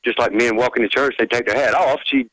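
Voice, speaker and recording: A man's voice: medium pitch, steady tone, fast, fairly bright tone, no echo, rough recording. A man calling in to a radio show, rambling and chatty with many fillers. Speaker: caller. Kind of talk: phone-in call to a radio show.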